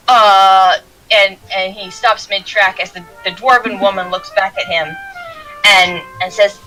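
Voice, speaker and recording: Female game master, bright tone, loose rambling narration with soft music under. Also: mid-range voice, steady tone, unhurried, low-quality recording. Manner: rambling, many restarts and fillers.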